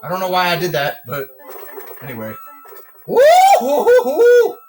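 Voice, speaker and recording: A man from the US giving casual, excitable gameplay commentary, whooping and breaking into rhymed boasts. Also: sits high, moderate pace, faint music behind, low-quality recording. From United States. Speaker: gamer.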